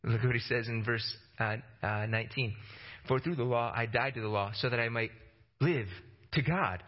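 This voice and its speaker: A male preacher delivering a sermon with fervor, his voice climbing to emphatic peaks before sinking low to press a point home. He often doubles words as he launches a phrase. The recording is slightly muffled and lo-fi, with a mid-range voice. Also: moderate pace. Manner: passionate, rising to emphatic peaks and dropping low for stress; repeats words when starting phrases.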